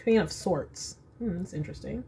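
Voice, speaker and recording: A woman's voice: on the low side, lively intonation, moderate pace, creaky, mellow, slight background noise. A woman reading tarot cards at home in a casual, chatty way, thinking aloud as she draws each card. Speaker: tarot reader.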